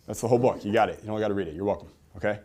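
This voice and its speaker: Racing along in a lowish voice, a man addresses a live seminar audience with high energy. Rhetorical questions come thick and fast as he shifts from loud emphasis to quiet asides.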